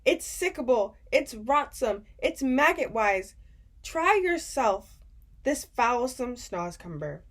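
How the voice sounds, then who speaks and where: A woman voicing a very old, kindly male giant who jumbles his words, in an audiobook reading. She makes him boom, draw his words out and talk in ungrammatical, folksy phrases. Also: expressive, lightly acted. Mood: excited. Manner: booming, drawn-out, ungrammatical folksy speech.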